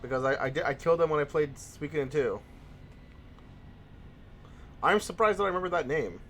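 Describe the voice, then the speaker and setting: A man's voice: on the high side, animated, a little fast, a bit bright. A young man hosts a let's play, rambling casually about a video game. He talks in a slightly raised voice and restarts his sentences a lot, with faint game music behind him. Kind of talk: casual gaming commentary.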